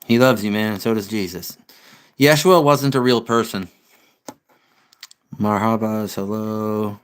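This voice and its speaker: A man's voice: on the low side, moderate pace, smooth. A young man, chatting bluntly and profanely as he answers his livestream comments. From United States. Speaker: live streamer. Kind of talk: casual livestream chat reading comments.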